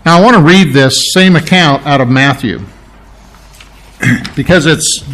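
A man's voice: fairly high pitch, a little slow, a bit bright. Man preaching a casual sermon. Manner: conversational, with restarts and self-corrections. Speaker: pastor.

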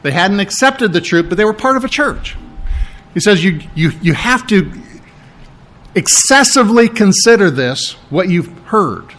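A man's voice: sits high, a bit bright. A middle-aged man, a pastor preaching a sermon in a conversational, explaining manner, often repeating his words.

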